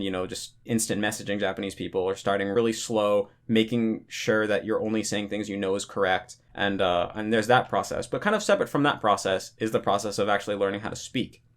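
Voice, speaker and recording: A young man giving casual talking-head advice on language learning, relaxed and rambling, full of "you know" and "like". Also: on the low side.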